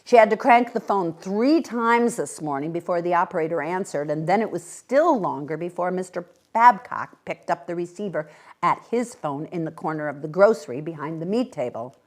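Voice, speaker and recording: Expressive woman reading a story aloud. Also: lowish voice, moderate pace. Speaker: guest reader.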